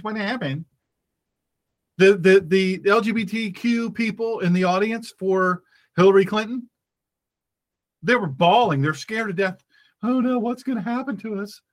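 Fervent male talk radio host. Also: high voice. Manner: fervent, emphatic, repeats phrases for effect. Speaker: radio show host and pastor. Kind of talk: political talk radio monologue.

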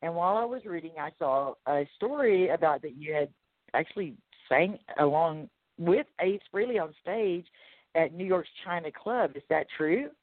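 A woman's voice: lowish voice, lively intonation, normal speed, dry recording. A woman with a Texas accent hosting an interview, chatty and enthusiastic. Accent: Texan. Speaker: host. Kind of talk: casual interview. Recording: tinny phone-like line, dry.

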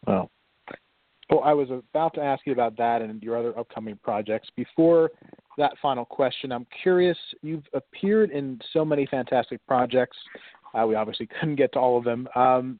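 A man's voice: mid-range voice, normal speed. A man hosting an interview, asking questions and reacting briefly. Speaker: interview host. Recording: dry tinny phone-like line.

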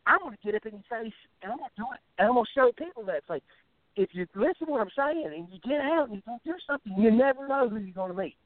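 A man's voice: extremely high pitch, animated, racing, no echo. A man with a rural American drawl, ranting bluntly and with a lot of profanity as a musician guest in an interview, stumbling over his words as he goes. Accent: rural American Southern-style drawl. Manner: blunt, profane, fired-up ranting with many restarts. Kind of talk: phone interview. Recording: tinny phone line, dry.

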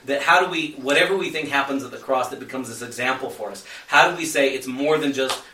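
A man musing through theology in a casual podcast chat, thoughtful and rambling, often correcting himself as he goes. His voice is bright and sharp. He sits back from the mic in an echoey room. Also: mid-range voice, fast, recorded from a distance. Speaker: podcast co-host.

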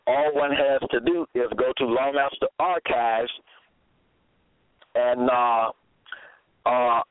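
A man preaching alone in a deliberate, halting way, reading scripture aloud with many fillers and repeated phrases. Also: mid-range voice, fairly even intonation, clean tone, no echo. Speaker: preacher presenting his own episodes. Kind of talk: slow solo sermon reading scripture aloud. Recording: tinny phone-line sound, dry.

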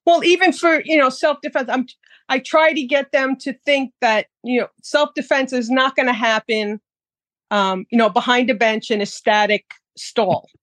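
A woman's voice: high-pitched, fairly even intonation, moderate pace, fairly bright tone, no echo. A woman guest talking casually about teaching firearms classes, chatty, with frequent fillers. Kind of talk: casual interview.

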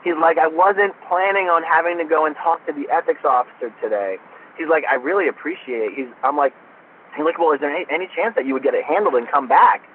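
This Florida man talks fast in a higher-than-average voice, playing the interview guest who animatedly relates an anecdote and performs each line of dialogue. The phone connection sounds tinny, with a faint hiss underneath.

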